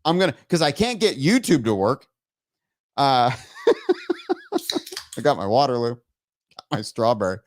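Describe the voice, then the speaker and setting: A man's voice: mid-range voice, animated, moderate pace, pauses often, no room sound. A man hosting a live show, chatting casually and getting exasperated and laughing at his own tech troubles. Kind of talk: casual live-stream chat.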